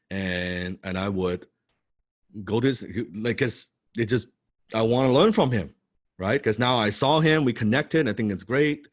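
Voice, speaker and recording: A man in animated storytelling talk, excitable, who often repeats words and swears for emphasis. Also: fairly low pitch, no room sound, clean studio sound. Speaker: business coach telling a personal story.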